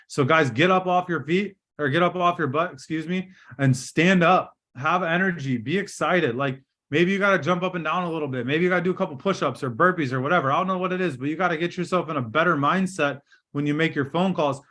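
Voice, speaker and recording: Middle-aged male sales coach, slightly high voice, punchy and direct, on a video call from a hotel room. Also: brisk. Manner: energetic, direct, coaching with role-played sales lines. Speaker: sales trainer. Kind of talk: live online training session.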